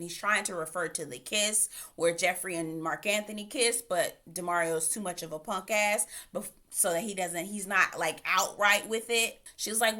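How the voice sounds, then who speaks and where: A woman's voice: fairly low pitch, moderate pace, hardly any pauses, bright, forceful tone. A woman giving a casual, opinionated recap of a reality dating show, with sassy asides. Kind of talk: casual recap and commentary vlog.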